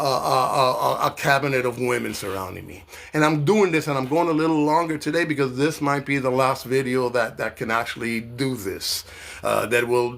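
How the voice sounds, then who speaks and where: Man from New York, political rant, profane, fiery, loud then low and slow, mid-pitched voice. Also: creaky. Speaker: political commentator.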